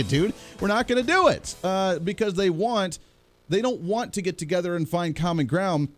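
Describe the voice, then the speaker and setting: A man hosting a political talk radio show, delivering a blunt, combative, animated monologue. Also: on the high side, no echo.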